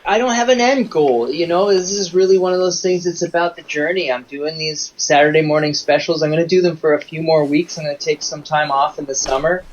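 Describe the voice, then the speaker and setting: A man from Canada talking as an interview guest, wandering through his anecdotes with plenty of restarts. His voice sits a little high, with a faint hiss under it. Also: fairly quick, hardly any pauses, highs cut off. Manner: rambling anecdotes with many restarts. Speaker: singer-songwriter guest. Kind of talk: casual interview chat.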